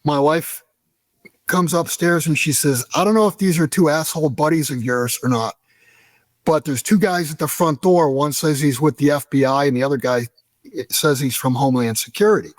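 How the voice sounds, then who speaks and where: Animated storytelling man, dry close sound. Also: a little high, normal speed, no echo. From United States. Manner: animated, profane storyteller acting out dialogue. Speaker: guest. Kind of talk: storytelling in an interview.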